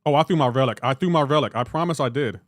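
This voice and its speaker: Young man, game streamer, casual banter, animated, dry close mic. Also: medium pitch, quick pace, no room sound. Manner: animated, joking with chat. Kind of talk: live game stream chat.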